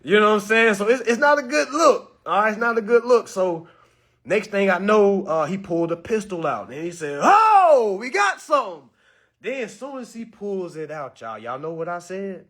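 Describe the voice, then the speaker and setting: A young man telling a story to his audience, acting out the quotes with sudden high bursts and laughs. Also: lively intonation, normal speed, fairly bright tone. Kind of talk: animated storytelling talk.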